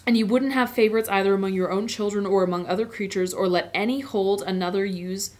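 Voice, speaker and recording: A woman's voice: mid-range voice, fairly even intonation, quick pace, a little mellow, close to an everyday voice. A woman reading the lines of a noble, solemn lion king aloud from a storybook, close to her own voice.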